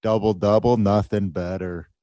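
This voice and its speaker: A man's voice: lowish voice, fairly even intonation, normal speed, mellow, dry recording, clean studio sound, lightly acted. A man putting on a crude, cheerful hoser voice with a fake Canadian accent, drawling and tacking on "eh". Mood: jokey. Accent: put-on Canadian. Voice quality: drawling, peppered with "eh" and swearing.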